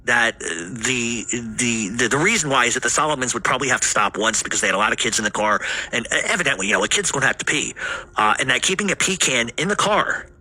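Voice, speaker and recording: Husky, forceful man telling a rambling story. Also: medium pitch, expressive, quick pace. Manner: rambling, heavy swearing, frequent fillers. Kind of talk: casual family storytelling.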